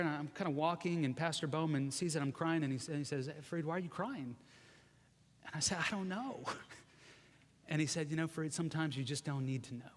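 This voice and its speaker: A man in his forties giving a chatty, self-deprecating sermon, joking with the congregation in a large church sanctuary. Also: fairly high pitch. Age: 40s. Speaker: guest preacher. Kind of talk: conversational sermon. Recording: long reverb of a church hall.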